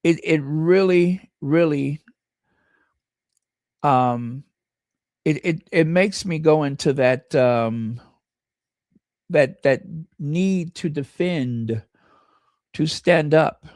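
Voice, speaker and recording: Slow, gravelly, impassioned American host. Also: medium pitch, a little mellow, no room sound, studio quality. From United States. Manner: impassioned and emphatic, reads viewer comments aloud. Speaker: channel host. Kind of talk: livestream commentary.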